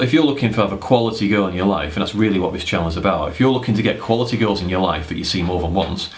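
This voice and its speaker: A young man with a deep, low voice talks straight to camera in a loose, rambling way. He is blunt and drops in a curse word here and there. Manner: rambling, blunt, swears casually. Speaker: dating advice vlogger. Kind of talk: casual talking-head advice.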